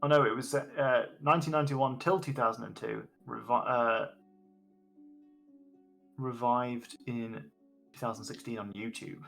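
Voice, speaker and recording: A man's voice: mid-range voice, steady tone, unhurried, creaky, long pauses, fairly bright tone, faint music behind. A man chatting casually on a live stream as game master, rambling and correcting himself as he goes. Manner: rambling, self-correcting, laughs often.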